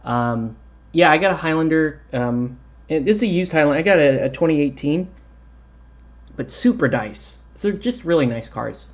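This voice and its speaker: A man's voice: a little high, animated, moderate pace, dull audio. A man hosting a miniature painting tutorial, chatting in a rambling way and laughing often. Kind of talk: casual chat while painting a tutorial.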